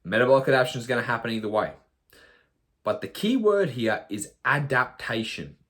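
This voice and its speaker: A man, a nutrition coach, talking bluntly in a podcast monologue, swearing often and mimicking clients in quick asides. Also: mid-range voice, expressive, fairly bright tone.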